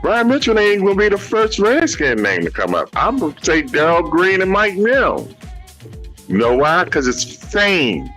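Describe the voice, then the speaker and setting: A man's voice: sits high, sing-song, normal speed, fairly bright tone, faint music behind. A man co-hosting a sports talk show, making emphatic, informal points in a heated debate.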